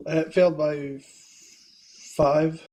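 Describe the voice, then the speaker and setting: Mellow, wisecracking male player. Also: on the high side, little pitch movement, drawn-out words. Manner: brief, wisecracking. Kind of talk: casual tabletop game chat.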